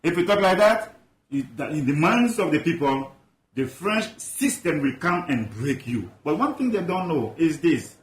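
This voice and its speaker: A man's voice: a little high, very animated, normal speed, reverberant. A man from Ivory Coast, a guest expert in an interview, talking passionately with emphatic rhetorical questions. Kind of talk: animated interview talk.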